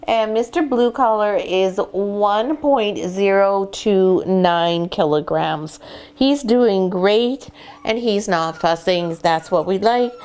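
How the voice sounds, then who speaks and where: A woman dog breeder giving puppy-training advice and weighing puppies in a casual vlog, dropping into a soft coaxing voice with the pups. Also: mid-range voice, slow, smooth. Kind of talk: instructional vlog, talking to puppies. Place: sitting in a whelping box with puppies.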